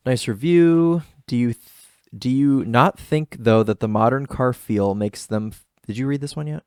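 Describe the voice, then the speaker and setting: A man's voice: medium pitch, normal speed, darkish tone, clear, resonant tone, no echo, clean studio sound. A man co-hosting a car podcast in casual chat, rambling and enthusiastic with lots of fillers. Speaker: podcast co-host.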